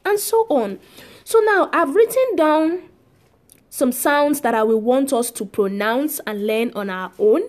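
A woman's voice: high voice, lively intonation, a little mellow. A woman teaching a French pronunciation lesson, patient and repetitive, drilling each sound several times. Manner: slow, patient, drills sounds by repeating them. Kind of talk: spoken language lesson.

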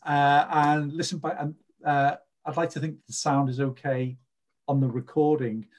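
A podcast host does a casual card reading, rambling and chatty with plenty of fillers. His voice is on the high side and a little mellow, with little pitch movement and a normal speaking speed.

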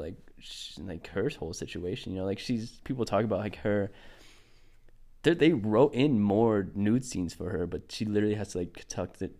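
A man's voice: lowish voice, a little mellow. A young man in his twenties from Kentucky with a Southern twang, co-hosting a podcast in casual, joking chat full of filler words. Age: 20s. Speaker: podcast co-host.

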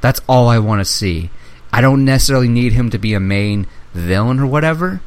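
A young man chatting excitedly as a podcast co-host, swearing freely and acting out movie lines as he retells scenes. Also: medium pitch, brisk. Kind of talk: casual chat.

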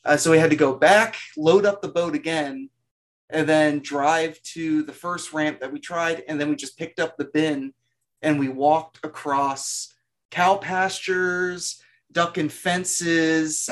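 A man telling a long work story in a rambling, animated way, full of "like" fillers. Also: fairly high pitch, takes it slowly. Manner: animated, self-mocking storyteller. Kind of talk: casual storytelling.

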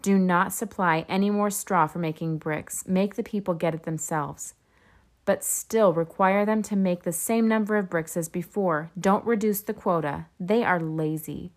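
A woman reading the part of a scornful male king, slow and emphatic. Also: fairly low pitch, natural voice. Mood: commanding.

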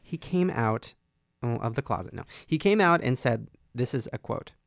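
A young man dishes gossip as a co-host in a campy, sarcastic, profane style. His voice has a gravelly edge, and it sounds dry and close. He laughs often as he talks. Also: medium pitch, animated, normal speed, no echo. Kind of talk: gossipy podcast chat.

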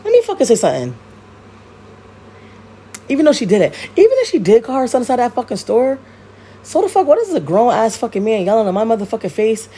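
A woman hosts her own podcast, ranting casually in blunt, slang-heavy, profane language and repeating herself animatedly. Her voice is a little high and a little fast, with long pauses and a little hiss or hum.

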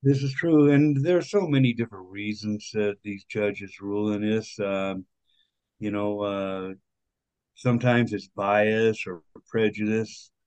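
A man's voice: on the low side, steady tone, measured pace, darkish tone, clear, resonant tone, dry recording, poor audio. A man guesting on a podcast, speaking earnestly and with some indignation, with many fillers in his speech. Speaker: podcast guest, author and activist. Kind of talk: conversational interview.

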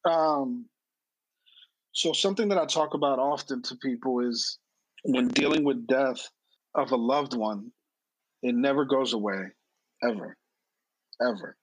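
A man's voice: mid-range voice, a bit bright, slightly rough, dry recording, rough recording. A man in his late thirties, a podcast guest telling personal stories candidly, earnest and blunt, often repeating words for emphasis. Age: late 30s.

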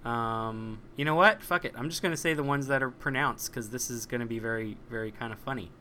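A man with a bright, forceful voice co-hosts a podcast in loose, rambling chat. He jokes and often restarts his sentences. A faint hiss of noise sits behind him. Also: medium pitch, brisk. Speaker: podcast co-host.

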